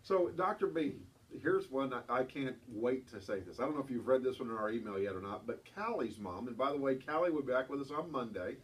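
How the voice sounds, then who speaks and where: A man co-hosting a radio talk show, reading listener emails with animated, laughing asides. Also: mid-range voice, brisk, hardly any pauses, distant mic. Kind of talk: casual radio chat.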